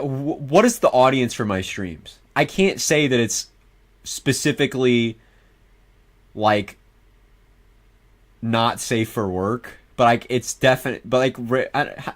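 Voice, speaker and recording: A young man streaming, chatting casually in a rambling, profane way and laughing often. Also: mid-range voice.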